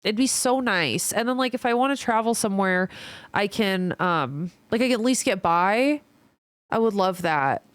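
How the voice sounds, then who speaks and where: A woman's voice: mid-range voice, lively intonation, normal speed, smooth, dry recording. A woman with a Midwestern American accent chatting casually with her stream viewers, reading their messages aloud and swearing freely. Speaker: livestreamer.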